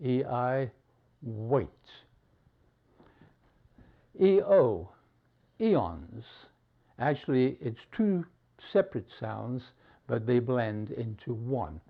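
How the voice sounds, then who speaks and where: A man teaching English spelling at a very slow, measured pace, with a lot of rise and fall in his voice. He leaves a gap after each example word. The recording sounds dull and lo-fi. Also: mid-range voice, sing-song, vocal fry. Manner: slow, deliberate, pausing between words.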